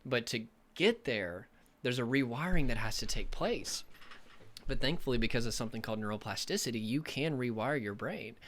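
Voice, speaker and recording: Brief: male recovery coach, motivational talk to camera, earnest and emphatic, mid-pitched voice. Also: expressive, normal speed, fairly bright tone, slight background noise.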